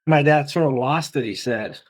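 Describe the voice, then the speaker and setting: A man's voice: mid-range voice, normal speed, rough recording. A man recounting his father's story in a casual, emotional way as an interviewee. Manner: emotional, retelling intensely. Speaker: interviewee, son of the subject.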